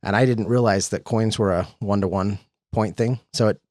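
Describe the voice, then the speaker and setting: A man's voice: lowish voice, steady tone, moderate pace, darkish tone, dry recording, studio quality. Chuckly, rambling podcast guy. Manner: rambling, chuckling, with many restarts. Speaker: podcast co-host. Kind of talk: casual chat about board games.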